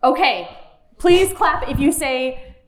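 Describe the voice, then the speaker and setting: A woman's voice: high voice, lively intonation, takes it slowly. A woman hosting a live podcast on stage, playfully quizzing the audience. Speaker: podcast host.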